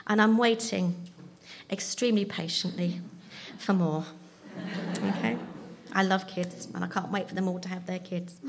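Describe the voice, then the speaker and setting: A woman's voice: lowish voice, level tone, normal speed, long pauses, background noise. A woman, giving a chatty, self-deprecating personal testimony at church. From London. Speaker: church speaker.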